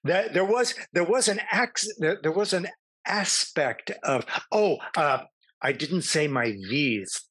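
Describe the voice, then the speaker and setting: Middle-aged male guest, animated anecdotal storyteller, dry recording. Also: high voice, slow pace, breathy edge, no room sound. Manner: animated, self-amused anecdotes. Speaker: actor, podcast guest. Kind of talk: casual interview storytelling.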